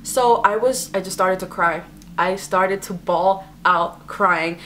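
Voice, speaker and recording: Young woman, casual storytime vlogger, chatty and animated, filler-heavy delivery. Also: on the low side, takes it slowly, a little hiss or hum. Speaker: beauty vlogger.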